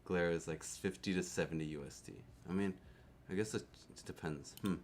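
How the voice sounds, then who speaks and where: A young man with a fairly low voice hosts a casual live stream and talks straight to his viewers. He is excitable, breaks into laughs often and tends to repeat himself. He comes from Canada. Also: fairly quick, slight background noise. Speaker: keyboard streamer.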